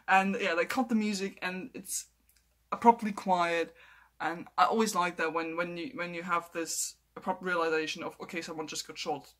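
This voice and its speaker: High, bright-voiced excited male reviewer. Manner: enthusiastic, repeats words and restarts often. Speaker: TV episode reviewer.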